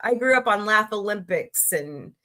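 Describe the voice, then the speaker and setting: A woman's voice: mid-range voice, lively intonation, normal speed, sharp tone. A woman in her forties from Missouri hosting a casual livestream, chatting loosely, greeting viewers by name and reacting to the chat as she rambles from topic to topic. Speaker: livestream host.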